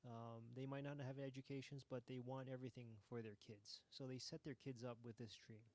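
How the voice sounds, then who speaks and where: A man hosting a game jam, giving relaxed, hesitant commentary with frequent ums while playing a game. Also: mid-range voice, brisk.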